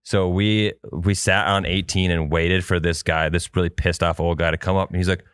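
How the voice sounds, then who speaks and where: A man's voice: low voice, flat delivery, normal speed, few pauses, a bit bright, clean tone, dry recording, clean studio sound. A man co-hosting a podcast, telling a long rambling story in casual chat and swearing freely. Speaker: podcast co-host.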